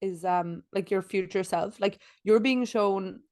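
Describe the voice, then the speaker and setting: A woman's voice: medium pitch, measured pace, darkish tone, no room sound. Chatty podcast woman, dry sound. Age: late 20s. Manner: chatty, rambling, frequent "like", laughs often. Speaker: podcast co-host. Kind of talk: casual chat. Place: in bed.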